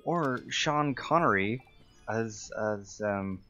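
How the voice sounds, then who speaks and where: Irish male streamer, low voice, rambling casual chat, light music bed. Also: expressive, takes it slowly, pushed and bright, lo-fi sound. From Ireland. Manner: chatty, rambling, with many fillers. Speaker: game streamer and voice actor. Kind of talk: casual chat while playing a game.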